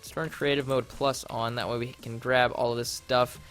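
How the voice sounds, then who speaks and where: A young man casually commenting on his game during a livestream, rambling and easily flustered, and often breaking into loud, panicked yelling. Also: mid-range voice, flat delivery, normal speed, faint music behind. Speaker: livestreamer playing a modded block game.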